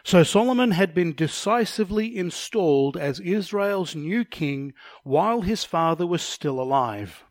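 A man with a fairly high voice teaches a Bible study lesson in a dry, close recording. He explains each passage step by step, points to slides as he goes, and now and then trips over a word. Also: dry recording. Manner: explanatory, with slide references and occasional stumbles.

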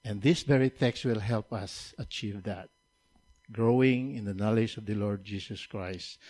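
Man preaching, measured then emphatic. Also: on the low side. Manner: builds from quiet, measured teaching to raised, emphatic preaching; repeats key lines for emphasis. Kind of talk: sermon.

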